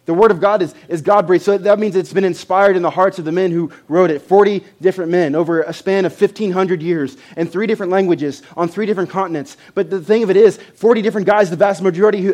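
A man preaching a sermon to a congregation, conversational, with loud emphatic bursts and frequent repeated words. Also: high-pitched. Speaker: pastor.

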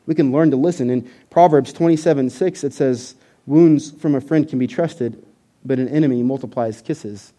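A man preaching a sermon as pastor, animated and emphatic, building at times to near-shouting. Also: medium pitch, normal speed.

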